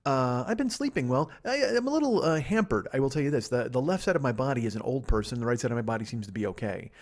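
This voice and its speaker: A man's voice: mid-range voice, lively intonation, a little mellow. A middle-aged man from Chicago hosting a solo podcast from a living room, rambling and profane, stifling yawns as he talks. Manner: rambling, profane, self-mocking, rushes without pausing. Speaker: podcast host. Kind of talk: solo casual monologue. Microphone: laptop and microphone.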